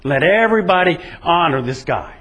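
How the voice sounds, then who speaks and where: A man's voice: a little high, lively intonation, a little fast, bright, forceful tone. A man retelling a Bible story and voicing a vain prime minister who eagerly plans his own honor.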